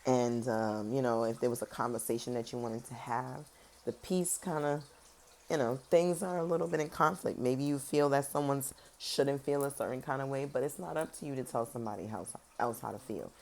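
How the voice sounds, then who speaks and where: A woman giving a casual tarot reading, talking straight to her viewers in a sassy, animated way. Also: extremely low pitch, brisk. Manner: animated, swings between loud emphasis and soft serious tones. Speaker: tarot reader.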